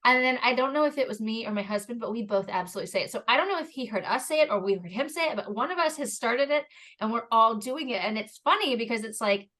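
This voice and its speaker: A woman's voice: a little high, animated, fairly bright tone. Rambling woman podcast host. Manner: rambling, quick asides, laughing. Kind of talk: casual podcast chat.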